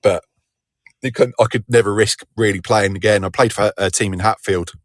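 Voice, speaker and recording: Podcast co-host: guy, very low voice, dry close sound, rambling modest chat. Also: steady tone, moderate pace, dry recording. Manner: rambling, self-deprecating, many restarts. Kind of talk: casual chat.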